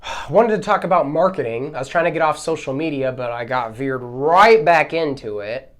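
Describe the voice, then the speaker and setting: A man's voice: on the high side, normal speed. Exasperated man ranting on a podcast. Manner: heated, exasperated ranting with swings in loudness. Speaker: podcast host. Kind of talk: solo podcast rant.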